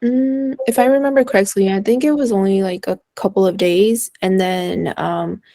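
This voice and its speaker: A young woman telling a painful personal story as a podcast guest, candid and emotional, speaking in halting bursts with pauses. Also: medium pitch, steady tone, warm tone, no room sound.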